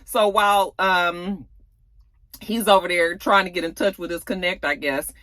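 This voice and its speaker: A woman's voice: fairly low pitch, steady tone, normal speed, fairly bright tone, no echo. A woman recapping a TV episode in a sassy, casual way, full of fillers and asides. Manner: chatty and sassy, with plenty of fillers. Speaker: TV recap vlogger.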